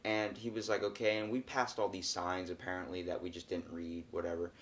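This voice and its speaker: A young man hosting a podcast, chatting casually and telling a story with lively acted-out voices. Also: sits low, fairly quick, slight background noise. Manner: animated storyteller, acts out quoted voices. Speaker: podcast host. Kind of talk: casual chat.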